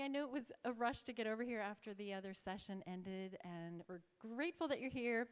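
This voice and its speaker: A woman leading a church workshop, chatty and self-correcting, speaking into a handheld microphone. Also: mid-range voice. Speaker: workshop leader. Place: large conference hall. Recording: long hall reverb.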